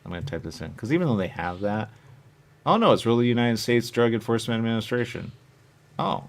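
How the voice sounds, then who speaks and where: A man's voice: medium pitch, fast talker. A man hosting a show, chatting casually and rambling from point to point, often acting out what other people say. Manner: meandering, chatty, acts out quoted voices. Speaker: show host.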